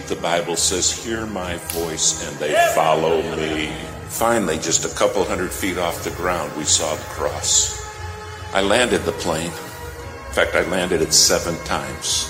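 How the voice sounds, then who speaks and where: A man's voice: sits low, measured pace. A man preaching a sermon, telling a story with dramatic, swelling emphasis. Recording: echoey hall with music behind.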